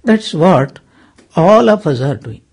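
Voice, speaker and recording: A man's voice: on the high side, sing-song, slow, darkish tone, breathy edge. A man giving a sermon as a spiritual teacher, earnest and storytelling, with many rhetorical questions.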